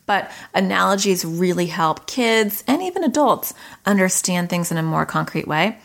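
A middle-aged woman who treats childhood anxiety talks to parents conversationally in a fairly low, expressive voice with vocal fry at normal speed. She explains behavior through analogies and acts out quoted dialogue.

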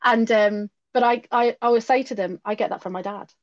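A woman's voice: fairly high pitch, steady tone, brisk, dull audio. A woman in her late thirties, a podcast guest speaking frankly and reflectively in a candid personal conversation, often laughing at herself. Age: late 30s.

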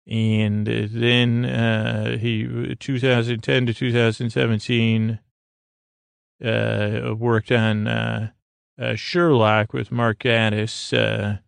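A man hosting a bedtime podcast, recapping an episode in a rambling, halting way with many fillers and restarts. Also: mid-range voice, little pitch movement, gravelly, clear, resonant tone, dry recording. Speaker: podcast host.

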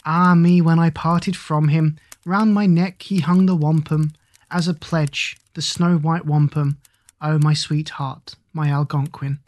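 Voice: mid-range voice, steady tone, unhurried, a little mellow, dry recording, lightly acted. A reader voicing a young woman lamenting her lover, in a tender, pensive sing-song refrain. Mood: longing.

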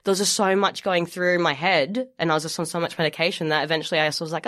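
A young woman, telling a personal story in casual chat, halting with many restarts and frequent laughs. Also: fairly low pitch, steady tone, a bit bright. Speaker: guest sharing her story.

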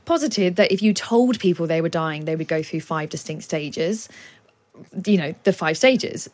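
A woman, a guest author, talking at length in a radio studio with lively explanations and laughs. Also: lowish voice.

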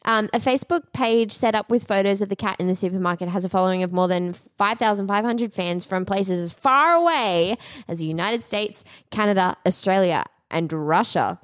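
A woman's voice: mid-range voice, normal speed, few pauses, no echo. Woman podcast cohost reading news stories, giggly, stumbles a bit, dry close sound. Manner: giggly, reads with stumbles and laughs. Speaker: podcast co-host.

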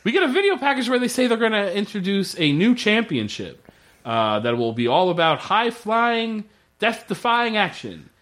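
A fairly high-pitched man hosts a podcast in loose, casual chat. He swears freely and mixes dry sarcasm with real enthusiasm. His delivery is relaxed and conversational. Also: moderate pace. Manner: profane, wry, enthusiastic. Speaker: podcast host.

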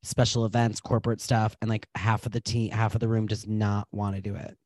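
A woman co-hosting a yoga podcast who reacts with quick questions and laughs. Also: extremely low pitch, flat delivery, a little mellow, no room sound. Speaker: podcast co-host, yoga teacher. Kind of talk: casual chat.

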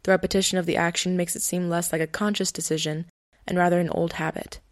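A young woman reads her own short story aloud in a calm, steady way. Her voice sits low and stays flat in pitch, with a dry, close sound and no room echo. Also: quick pace. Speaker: podcast host and reader.

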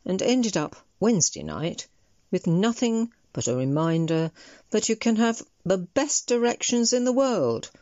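A woman's voice: mid-range voice, very animated, unhurried, dark tone, dry recording. A woman reading a wry personal essay about her knitting. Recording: dull lo-fi sound.

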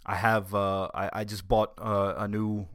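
A man's voice: fairly low pitch, level tone, a little slow, fairly bright tone, no room sound, studio quality. A man doing a rambling old politician. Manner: hesitant, stammering, trailing off. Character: elderly male politician, rambling and halting.

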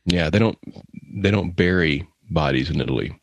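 A man co-hosting a comedy podcast, teasing deadpan and laughing often. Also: sits low, moderate pace, no room sound, highs cut off. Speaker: podcast co-host.

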